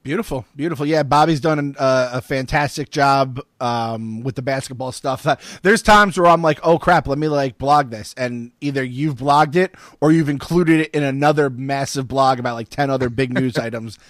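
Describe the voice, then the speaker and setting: A man hosting a casual podcast chat, loose and profane, with quick joking asides. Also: mid-range voice, a bit bright, no room sound, clean studio sound. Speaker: podcast host.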